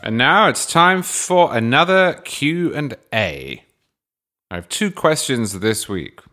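A man's voice: mid-range voice, sing-song, takes it slowly, sharp tone, faint music behind. An English man hosting a podcast, answering listener questions with dry, wry humor. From England. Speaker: podcast host.

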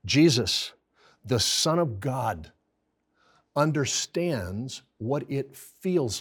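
A man's voice: mid-range voice, lively intonation, drawn-out words, husky. An American man teaching a Bible study in an earnest sermon style, building to pleading intensity when quoting prayers.

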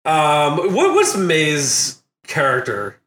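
A man hosts a laid-back movie recap podcast in a somewhat high, bright voice. He laughs often and jumps into loud, high-pitched impressions when he quotes scenes. The room around him sounds echoey. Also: wildly swooping pitch, very slow. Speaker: podcast host.

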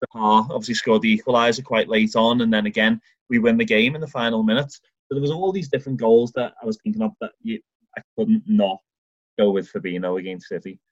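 Irish male podcast co-host, lively storyteller, dull lo-fi recording. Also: on the low side, fast talker, dry recording. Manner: enthusiastic, animated storytelling with acted-out quotes. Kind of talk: casual football chat.

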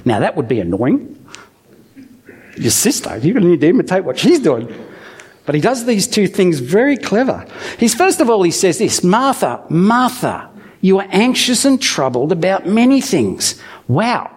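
Male preacher, fairly high and very expressive voice, storytelling sermon with jokes to the congregation. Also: moderate pace, slightly rough. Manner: animated storytelling with humorous asides. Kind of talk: conversational sermon with Bible reading.

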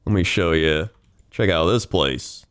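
A man's voice: sits low, unhurried, fairly bright tone, clear, resonant tone. A man co-hosting a podcast in casual chat, laid-back and agreeable, laughing often. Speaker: podcast co-host.

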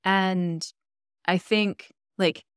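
A woman's voice: mid-range voice, steady tone, extremely slow, smooth, no room sound, studio quality. A woman hosting a podcast, asking thoughtful questions in a conversational way. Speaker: podcast host. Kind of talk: casual interview talk.

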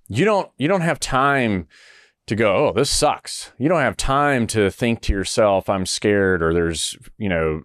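Smooth low-voiced male podcast host. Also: no room sound, studio quality. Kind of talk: casual interview chat.

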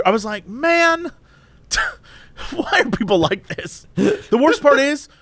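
Animated high-voiced man telling a story. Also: no echo. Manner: animated, exaggerated retelling with laughter. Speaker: podcast co-host. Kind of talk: casual storytelling chat.

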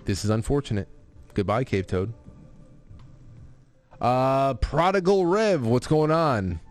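A man's voice: mid-range voice, expressive, slow, darkish tone, soft background music. A man hosting a call-in show, rambling in casual chat with many restarts. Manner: rambling, chatty, with frequent restarts and fillers. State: grieving his stepfather.

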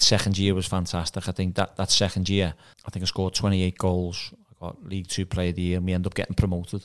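Fast-talking, low-voiced ex-footballer telling stories. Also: male voice. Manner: chatty anecdotes, acts out quoted dialogue. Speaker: guest, ex-footballer and manager. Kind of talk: casual podcast storytelling.

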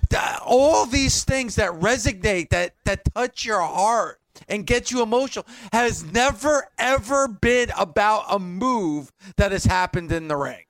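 A man's voice: sits high, expressive, a little slow, hardly any pauses, a bit bright, no room sound. A man hosting a talk show, making emphatic points with rhetorical questions. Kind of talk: casual chat.

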